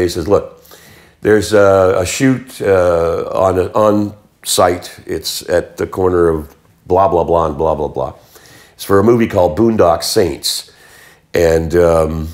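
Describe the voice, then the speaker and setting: An older man from Canada, a musician and actor, telling stories as an interview guest and acting out the voices of people he quotes. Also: deep voice. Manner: animated storyteller, acts out quoted voices. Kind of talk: casual storytelling.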